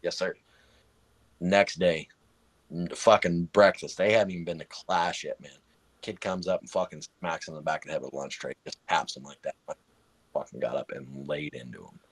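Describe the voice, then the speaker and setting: A man's voice: a bass voice, fairly even intonation, fairly quick, slightly rough, no room sound. A man in his thirties or forties telling a heated personal story in casual chat, swearing constantly.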